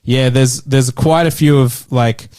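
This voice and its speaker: A man's voice: medium pitch, fairly even intonation, unhurried, a little mellow. A man co-hosting a comedy film podcast, retelling scenes in a rambling, amused way. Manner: rambling storyteller who acts out scenes and laughs. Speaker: podcast co-host. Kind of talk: casual comedic film review chat.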